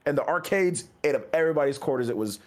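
Animated man, lively swinging pitch. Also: fast talker. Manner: animated, gets loud and defensive. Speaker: podcast co-host. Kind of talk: casual chat.

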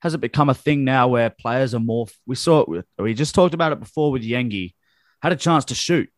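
A man's voice: mid-range voice, fairly quick, dry recording. Casual football podcast chat from a man who gets blunt and sweary when he's fired up, voice sits mid-range, sound's dry and close with no room to it. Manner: blunt, profane, heated ranting. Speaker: podcast co-host.

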